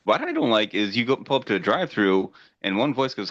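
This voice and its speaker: Very animated and fast, this middle-aged podcast co-host rants profanely in casual chat and acts out voices in his stories. His lowish voice has a fairly bright tone, recorded lo-fi with no room sound.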